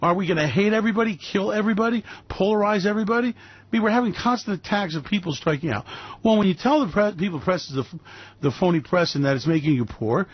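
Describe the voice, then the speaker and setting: Emphatic older man, husky and high. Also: animated, fast, muffled recording. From New York City. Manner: emphatic, ranting, rhetorical questions. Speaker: radio show host. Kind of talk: opinionated radio commentary.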